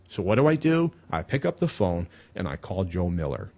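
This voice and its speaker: A man hosting a live talk radio show, telling stories in an emphatic, animated way into a studio mic. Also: sits low, normal speed, gravelly, few pauses.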